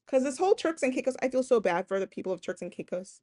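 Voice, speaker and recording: Female podcast host, slightly higher voice, casual lecturing, animated delivery. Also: quick pace, few pauses. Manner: animated, acts out quoted voices, keeps asking "right?".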